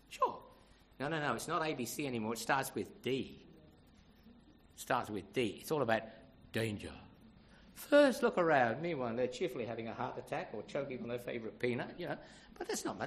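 A man's voice: medium pitch, fairly bright tone. An older man preaching a sermon, emphatic and conversational, often asking the congregation rhetorical questions.

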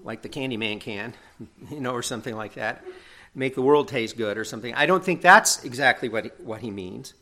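A man's voice: mid-range voice, fairly quick, bright, forceful tone. A middle-aged man preaching a sermon in an earnest, conversational way, often checking in with tag questions.

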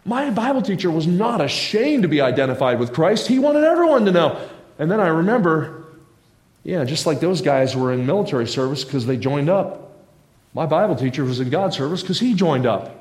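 A man's voice: on the high side, animated, brisk. A man preaching a sermon in a church, telling stories in a folksy, humorous way with asides to the congregation. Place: church sanctuary. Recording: echoey church room.

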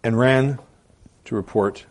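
A man preaching a sermon as pastor, asking rhetorical questions and repeating key phrases for emphasis, swinging between loud and soft delivery. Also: medium pitch, takes it slowly.

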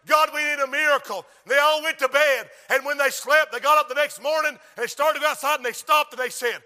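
A man preaches, his voice high and strikingly bright. He drops to near whispers while telling a story, then bursts into shouted refrains. The sound carries a long reverb from a big room. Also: steady tone, quick pace. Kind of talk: sermon.

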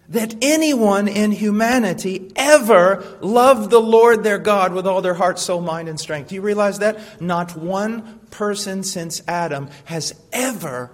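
A man preaches a sermon with a fairly high voice. He swings from hushed tones to loud, fervent ones and keeps asking his listeners questions. His voice rings through a hall with a long reverb. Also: measured pace, hardly any pauses.

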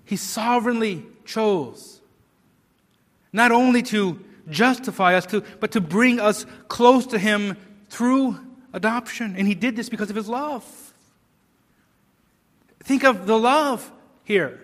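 High-voiced earnest male preacher. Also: slow pace, pauses often, big-room sound. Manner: earnest, emphatic, with repeated words and rhetorical questions. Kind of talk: sermon.

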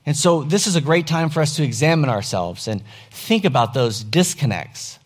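A man's voice: on the high side, lively intonation, moderate pace. A pastor preaching earnestly to his congregation during a church service, plain-spoken and emphatic. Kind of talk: sermon.

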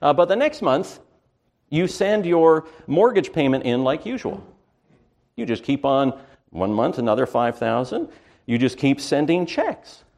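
A man preaching a sermon with emphasis, who slows down to stress key words and often pauses on "uh". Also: on the high side, sing-song, creaky, darkish tone.

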